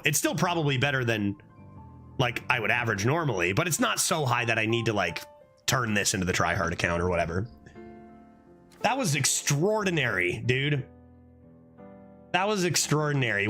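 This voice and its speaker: This card-game streamer talks at a normal speed in a mid-range voice, with quiet music playing behind him. His commentary is loose and lively, peppered with swearing and sudden fits of laughter.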